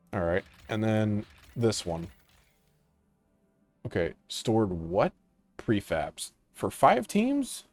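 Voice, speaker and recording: The recording has no echo as a low-voiced gaming channel host talks casually through a strategy game. Relaxed and half muttering to himself, he trails off into quiet asides while clicking his choices.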